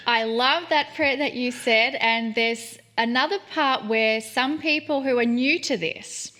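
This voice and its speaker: A woman's voice: fairly high pitch, a little slow, sharp tone. A woman hosting an interview, affirming her guest and asking open questions. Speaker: interview host. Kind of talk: interview conversation.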